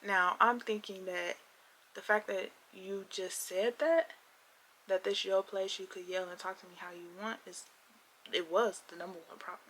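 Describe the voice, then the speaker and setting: A woman's voice: medium pitch, steady tone, moderate pace, a bit bright. A young woman telling a personal story on her vlog, acting out both sides of an argument with emphasis.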